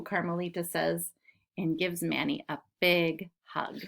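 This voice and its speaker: A young woman teaching children, reading a storybook aloud and sounding out words with expressive delivery. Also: fairly low pitch, a little slow, creaky.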